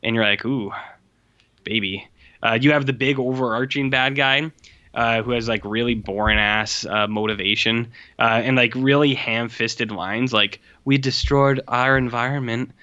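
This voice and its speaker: Animated man with a bright, muffled voice. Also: medium pitch, normal speed. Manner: animated, mimics film lines, swears freely. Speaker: podcast co-host reviewing movies. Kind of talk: casual film review chat. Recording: muffled lo-fi sound.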